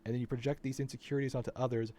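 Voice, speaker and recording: A man's voice: medium pitch, little pitch movement, very fast, warm tone, slight background noise. A man in an unscripted personal rant, frustrated and swearing, often circling back to repeat his points. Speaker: vlogger.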